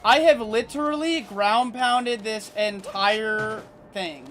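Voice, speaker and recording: A man's voice: high voice, slow, faint music behind. A young man live-streaming a game from home, chatting with his viewers, laughing a lot and joking at his own expense. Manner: excitable, self-mocking, laughs often, talks to chat. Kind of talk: casual live-stream chat while gaming.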